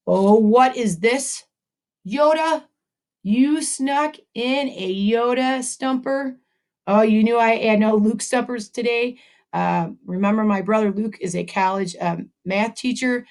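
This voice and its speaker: With a fairly high but darkish voice, a woman talks slowly through a math lesson for second graders on video. She keeps things upbeat and encouraging, bantering with a puppet as she goes.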